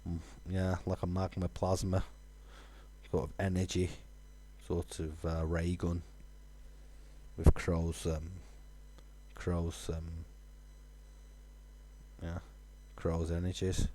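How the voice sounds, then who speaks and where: Man, deep-ish voice, casual rambling game commentary, lots of fillers. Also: monotone, slow, pauses often, dark tone, slight background noise. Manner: rambling, musing aloud with fillers. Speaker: gaming streamer. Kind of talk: casual let's-play commentary.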